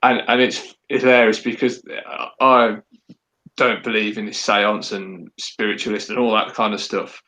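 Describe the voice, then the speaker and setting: A man from England co-hosting a casual podcast, talking in a dry, measured way with hesitant ums. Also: fairly low pitch, flat delivery, bright, forceful tone, low-quality recording. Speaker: podcast co-host.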